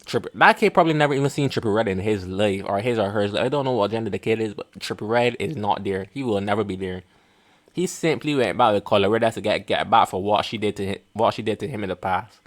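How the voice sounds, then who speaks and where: A man's voice: on the low side, fast talker. A young man hosting a reaction video, mocking and blunt in casual commentary, often laughing at what he watches.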